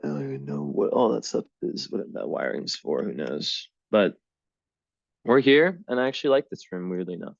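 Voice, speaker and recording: A man's voice: low-pitched, expressive, moderate pace, vocal fry, no room sound. A man from the US giving a casual astrology reading to a client, rambling with lots of "like" and "um", in a small downstairs room. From United States. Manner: rambling, full of "like" and "um". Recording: dull, dry home recording.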